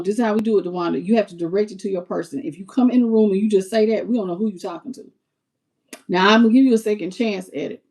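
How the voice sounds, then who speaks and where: A woman reading tarot on a live stream, chatty and expressive, talking straight to her viewers. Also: on the low side. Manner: chatty and expressive, talks to viewers as "y'all" and "baby". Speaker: tarot reader.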